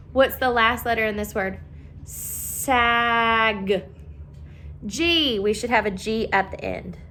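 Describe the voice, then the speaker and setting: Slow, bright-voiced phonics teacher woman. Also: a little high, slight background noise. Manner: slow, sing-song, coaxing questions. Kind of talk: recorded phonics lesson for young children.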